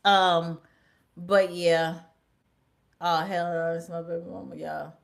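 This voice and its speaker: A young woman hosting a livestream, talking in a blunt, animated way with slang and swearing. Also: on the low side, slow pace, creaky, long pauses. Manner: drops to whispers at times. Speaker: livestream host. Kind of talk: casual livestream chat.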